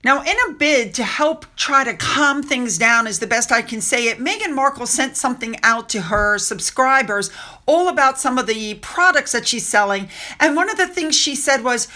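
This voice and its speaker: Bright, sarcastic woman commentator. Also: sits high, lively intonation, moderate pace. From United States. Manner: sarcastic, opinionated. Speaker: royal gossip commentator. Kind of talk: casual commentary.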